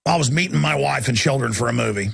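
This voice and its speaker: Gravelly ranting talk-radio man. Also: fast talker. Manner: ranting, swings from low mutter to shouting. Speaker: radio talk show host. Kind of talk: impassioned talk radio monologue.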